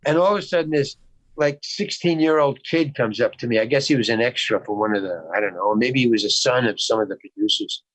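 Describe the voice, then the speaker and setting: American man spinning an animated anecdote. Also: medium pitch, quick pace, no room sound, poor audio. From United States. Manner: animated anecdote-telling with restarts and acted-out quotes. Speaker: guest actor. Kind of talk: casual storytelling interview. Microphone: video call.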